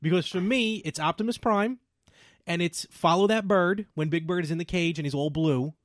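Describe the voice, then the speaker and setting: A man co-hosting a casual podcast chat, asking questions, laughing easily and throwing in quick asides. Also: high voice, no echo, clean studio sound. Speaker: podcast co-host.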